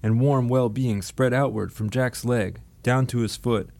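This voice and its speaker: A man narrating an audiobook in a steady, dry storytelling manner. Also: medium pitch, a little slow, vocal fry.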